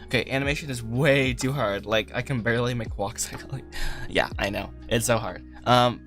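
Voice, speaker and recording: Rambling streamer guy, bright and laughing, light music under him. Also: medium pitch, a little fast. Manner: rambling, self-deprecating, laughs often. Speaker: livestream host, animator. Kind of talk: casual livestream chat while working. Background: soft lofi music.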